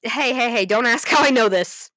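A young adult woman recapping a story in casual chat, animated and profane, with many laughs. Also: fairly high pitch, normal speed, no echo, studio quality. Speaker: fan fiction recapper.

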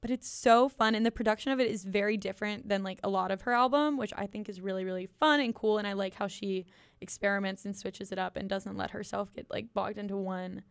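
A woman's voice: medium pitch, fairly even intonation, fast talker, clean tone, dry recording, clean studio sound. A young woman from the United States co-hosting a podcast, chatting casually about an album with frequent ums, likes and giggles. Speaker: podcast co-host reviewing an album. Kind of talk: casual chat.

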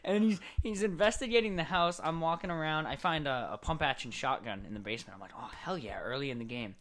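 A man's voice: fairly high pitch, fast talker. Man telling game stories. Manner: animated storytelling, acting out game scenes. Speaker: podcast co-host. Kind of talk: casual chat.

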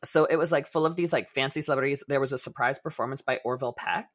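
A young man co-hosting a podcast, telling stories in a lively, profane way with bursts of laughter. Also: medium pitch, quick pace. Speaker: podcast co-host. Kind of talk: casual chat.

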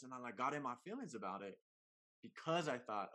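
A man who makes comedy videos, talking in a casual, slangy, animated way on a podcast, with big swings in pitch and loudness. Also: brisk. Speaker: comedy content creator guest.

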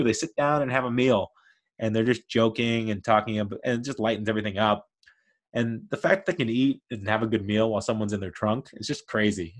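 A man hosting a movie podcast, rambling enthusiastically with lots of fillers and quick laughs. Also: fairly low pitch. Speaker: podcast host. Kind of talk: casual movie review podcast.

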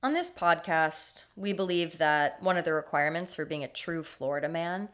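A woman co-hosting a comedy podcast, reading a scripted true story. She has a slightly low voice. Her delivery is measured and deliberate. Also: a bit bright. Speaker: podcast co-host.

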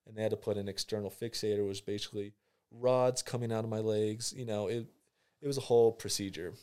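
A young adult who plays college football recounts a story casually, laid-back and slangy, dramatizing his own reactions. His voice is fairly low, smooth, and a little mellow, with fairly even intonation and a fast pace.

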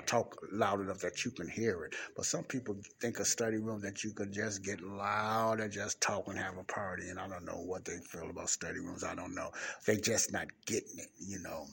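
A man giving a rambling, informal Bible teaching, talking low and close to the mic in a library study room. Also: vocal fry. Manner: rambling, repeats words, talks low. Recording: faint traffic and room noise.

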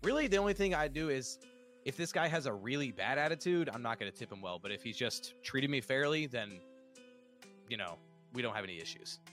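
A man's voice: mid-range voice, expressive, a little fast, a bit bright, soft background music. Blunt, foul-mouthed American man. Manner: blunt, swears freely. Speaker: podcast co-host. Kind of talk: casual chat.

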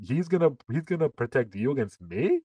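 Male podcast co-host, mid-pitched, dry close sound, animated storyteller. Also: brisk, husky, no echo. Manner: animated storyteller, acts out quotes. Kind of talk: casual political chat.

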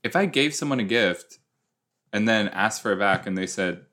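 A man's voice: on the low side, expressive, normal speed, pushed and bright. A young man giving casual, joking commentary while reacting to a TV episode, with rambling asides. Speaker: show reaction host.

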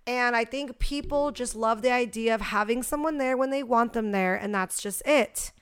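A woman's voice: on the high side, normal speed, clear, resonant tone. Blunt, profane young woman co-host. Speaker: podcast co-host. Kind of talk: casual chat.

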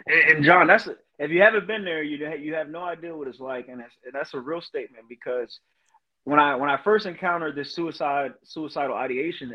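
Earnest man telling his story, lo-fi sound. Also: fairly high pitch. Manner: earnest, emotional, many "you know" fillers. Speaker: guest, Marine veteran and motivational speaker. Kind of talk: personal storytelling in a podcast interview.

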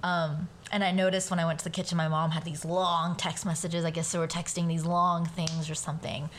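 A woman who speaks Spanish at home, a guest on a casual podcast, telling a family story in an animated way and swearing casually. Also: deep voice, a little fast, a little hiss or hum. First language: bilingual, speaks Spanish at home.

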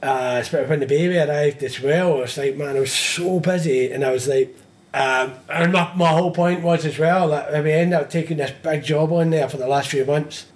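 A man's voice: fairly high pitch, moderate pace, hardly any pauses. A young man in casual chat, swearing freely, laughing often and acting out phone calls. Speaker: metalwork business owner, guest.

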